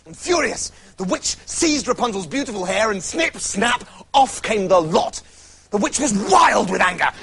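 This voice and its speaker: A man narrating a fairy tale in a manic, animated comic style, with shouts and sound effects. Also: sits high, normal speed, creaky. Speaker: storyteller.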